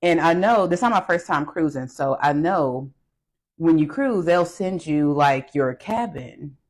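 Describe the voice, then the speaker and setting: A woman telling a travel story in a relaxed, meandering way, padding her pauses with "you know" and "right?". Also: low voice. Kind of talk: casual storytime.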